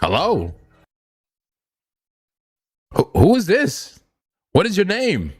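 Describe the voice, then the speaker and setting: Animated male crypto livestream host. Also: high voice, slow, husky. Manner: animated, joking, repeats himself. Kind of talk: casual livestream chat.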